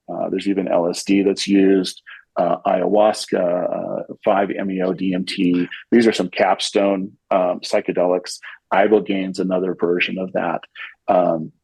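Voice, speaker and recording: Gravelly-voiced man, casual guest talk. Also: low voice, darkish tone, dry recording, low-quality recording. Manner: rambling with frequent restarts and fillers. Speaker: podcast guest, CEO. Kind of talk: casual conversational interview.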